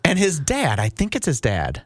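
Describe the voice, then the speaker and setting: A man's voice: fairly high pitch, huge pitch swings, moderate pace, no room sound, clean studio sound. A man hosting a talk show, casually recounting a story and quizzing his co-host.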